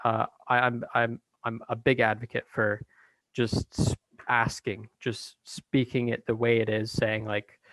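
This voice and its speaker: A man talking as a guest in a casual conversation, hesitant with many pauses and restarts. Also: medium pitch, completely flat delivery, a bit bright, dry recording, low-quality recording.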